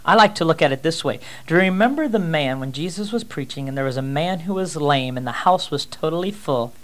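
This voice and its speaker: A man's voice: fairly high pitch, expressive, a little fast. A man teaching a ministry team how to pray for people, emphatic and repeating himself. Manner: emphatic, repeats "amen" and "first off".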